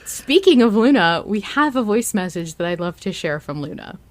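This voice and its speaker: A woman hosting a fan podcast, talking excitedly in casual chat, exclaiming and laughing as she tells a story. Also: mid-range voice, normal speed, dry recording. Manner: animated, exclaiming, laughing often. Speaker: podcast host.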